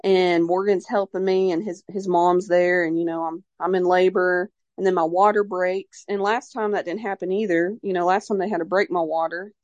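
A woman's voice: fairly low pitch, fairly even intonation, normal speed, few pauses, darkish tone, no echo, highs cut off. Young woman, casual rambling talk, lots of fillers, heartfelt and devout, dry recording. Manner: rambling, heavy use of "like" and fillers; openly emotional and religious in tone. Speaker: mother sharing her birth story. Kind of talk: casual personal testimony.

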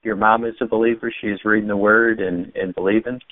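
Guy hosting a call-in prayer line, low voice, patient, tinny phone sound. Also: steady tone, a little fast, slight background noise. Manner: patient, checks details with callers.

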